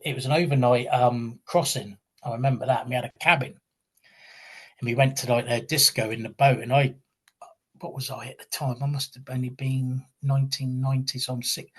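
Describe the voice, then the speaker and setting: A husky-voiced man in his fifties from England tells his stories in a loose, rambling way. He restarts his sentences often and makes fun of himself as he goes, in easy conversation. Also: mid-range voice. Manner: rambling, self-deprecating anecdotes with repeated restarts. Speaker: guest, retired pro wrestler. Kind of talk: conversational storytelling.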